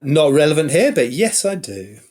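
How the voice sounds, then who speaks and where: A man speaking as a guest on a tech podcast, with dry humor and some halting restarts. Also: on the high side, big pitch swings, darkish tone. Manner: dry wit, hesitant restarts. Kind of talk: casual podcast chat.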